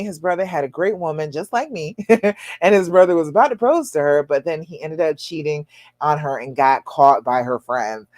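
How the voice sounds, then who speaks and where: A woman's voice: fairly low pitch, no room sound, studio quality. A woman relationship coach giving emphatic advice on a live stream, reading out viewers' questions and acting out quotes with laughs.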